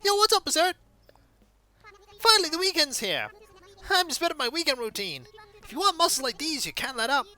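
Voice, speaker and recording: A hyped-up male jock from a cute video game, as a woman puts him on, talks about nothing but training. He pep-talks in a high, bright voice with bouncy pitch. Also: sing-song, fairly quick, pauses often, full character voice. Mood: pumped. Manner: enthusiastic, pep-talking. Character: pumped-up male jock villager, gym-obsessed.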